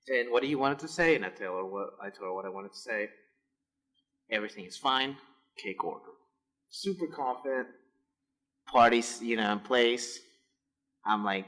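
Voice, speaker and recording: A man's voice: mid-range voice, a little fast. Profane storytelling man. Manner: profane, animated, gets worked up. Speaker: podcast host. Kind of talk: casual storytelling.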